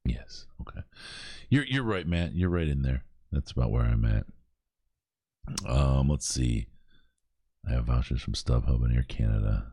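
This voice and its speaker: A man with an extremely low, deep voice hosts a podcast in easy, laughing chat. His voice sits close and dry on the mic, with no room around it. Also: measured pace, long pauses, dry recording. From Michigan. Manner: laughs often, animated storyteller. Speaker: podcast host. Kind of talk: casual chat.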